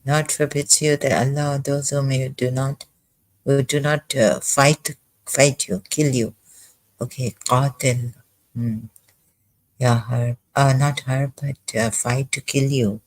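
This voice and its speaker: A man reads scripture aloud and comments on each verse in a slow, deliberate voice. He halts and restarts often, sounding agitated as he thinks aloud. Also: mid-range voice, fairly even intonation, poor audio. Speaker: ex-Muslim commentator.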